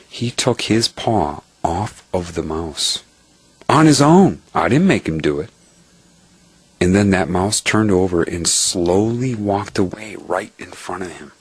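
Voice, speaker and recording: A man earnestly telling a personal story in a reflective, spiritual way, pausing to stress key words. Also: low voice, husky, no echo.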